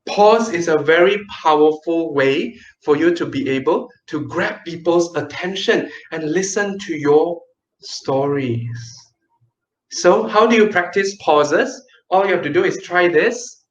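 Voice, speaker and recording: A man's voice: fairly high pitch, reverberant, muffled recording. Playful man teaching kids storytelling. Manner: lively, playful, with dramatic pauses and counting demonstrations. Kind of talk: online kids' class.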